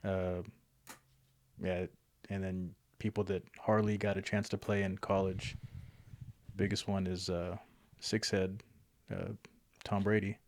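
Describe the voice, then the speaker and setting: A man with a somewhat low voice, co-hosting a podcast. He chats loosely and jokes around, rambling through his points with fillers. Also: level tone, takes it slowly, long pauses. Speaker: podcast co-host. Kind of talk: casual chat.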